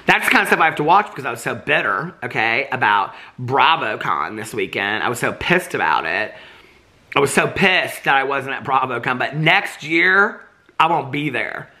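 A man's voice: medium pitch, sing-song, normal speed, bright, forceful tone. A man vlogging about reality TV in a casual, gossipy and dramatic way, full of asides like "like" and "okay". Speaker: TV commentary vlogger. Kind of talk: casual gossipy chat to camera.

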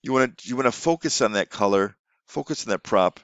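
A man's voice: lowish voice, animated, fairly quick, a bit bright, dry recording. A man, an online English teacher, explaining classroom tips in a casual way with frequent restarts. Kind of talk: instructional teaching tips video.

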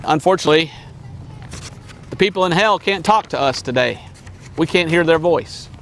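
A man, a missionary evangelist, preaching a sermon in an emphatic way, with high exclamations and low drops. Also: animated, normal speed, creaky, fairly bright tone, a little hiss or hum.

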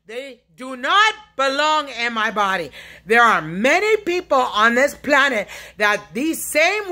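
Agitated woman, vlog monologue, hugely swinging pitch, high voice, sudden shrieks. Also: a little slow, a little hiss or hum. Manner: talks low and steady, then breaks into high shrieked curses. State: agitated, at times crying out. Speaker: vlogger. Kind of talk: unscripted online monologue.

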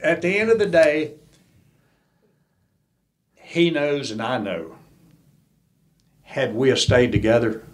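A man's voice: mid-range voice, slow, pauses often. Folksy older man telling stories. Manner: folksy, animated storyteller who acts out quoted voices. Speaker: interview guest, former crew chief. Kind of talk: storytelling in a podcast interview.

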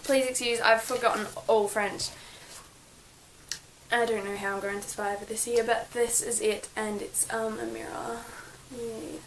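A woman's voice: on the high side, level tone, a little slow, slight background noise, rough recording. A young woman vlogging from her bedroom, gushing and chatty with lots of fillers as she shows her birthday gifts. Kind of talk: casual birthday haul vlog.

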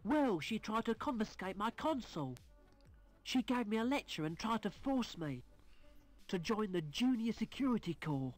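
An actress voicing a rude, restless child in an adventure game. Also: female voice, mid-range voice, big pitch swings, moderate pace, darkish tone, natural voice. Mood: sulky. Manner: blunt, sulky. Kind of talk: 1990s adventure game voice acting.

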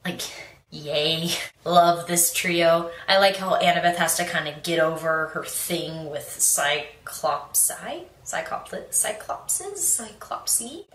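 A woman's voice: mid-range voice, a bit bright, recorded from a distance. Bubbly young woman rambling about books. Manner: bubbly and rambling, with many restarts and laughs. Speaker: book vlogger. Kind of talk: casual book review chat. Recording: echoey room, away from the mic.

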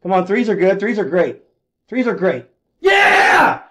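A man live-streaming his gambling, swinging between low muttered gloom and loud shouted hype, swearing constantly. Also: animated, moderate pace, very noisy.

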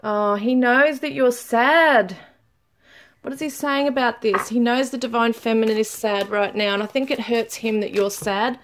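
A woman's voice: on the high side, slight background noise. Chatty woman reading tarot cards. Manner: chatty, laughs often, reads card messages aloud slowly. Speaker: tarot reader. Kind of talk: casual tarot reading to viewers.

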